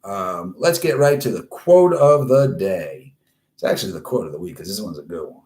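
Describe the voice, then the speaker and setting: A man's voice: sits low, lively intonation, normal speed, a little mellow. A man hosting a live online show, telling stories in a crude, emphatic way and repeating his punchlines. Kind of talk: profane live-stream storytelling chat. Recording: roomy echoey room.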